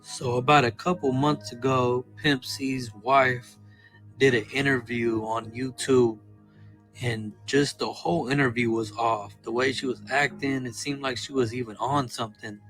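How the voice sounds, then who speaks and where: Puzzled man commenting, bright voice. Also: mid-range voice, steady tone, measured pace, soft background music, rough recording. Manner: puzzled, questioning. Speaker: commentator in a played clip. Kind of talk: casual commentary.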